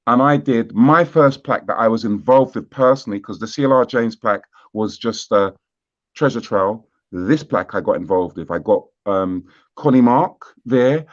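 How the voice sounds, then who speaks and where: Relaxed British man, dull lo-fi audio. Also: medium pitch. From Britain. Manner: relaxed and unhurried, with frequent fillers and asides. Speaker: guest. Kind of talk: casual conversational storytelling.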